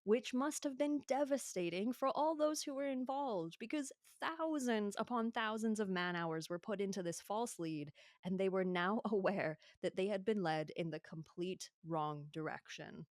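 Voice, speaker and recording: A woman's voice: mid-range voice, normal speed, hardly any pauses, dry recording, clean studio sound. A woman from Yorkshire co-hosting a true-crime podcast, explaining in a chatty way with lots of filler words. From Yorkshire, England. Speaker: podcast co-host. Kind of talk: casual true-crime chat.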